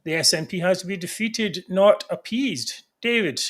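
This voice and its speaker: A man's voice: high voice, animated, normal speed. A man hosting a political discussion show over a livestream, talking in fits and starts with many restarts and fillers. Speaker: host. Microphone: livestream video call.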